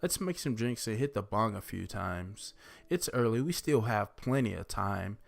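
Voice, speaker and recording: A man's voice: on the low side, animated, moderate pace, creaky. A man voicing a rich young male college friend who throws parties, talking in a laid-back, profane stoner way.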